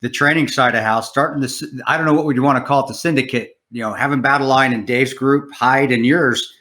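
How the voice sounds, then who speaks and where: A man's voice: medium pitch, steady tone, brisk, a bit bright. A man co-hosting a podcast in casual chat, reacting eagerly and swearing freely. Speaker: podcast co-host.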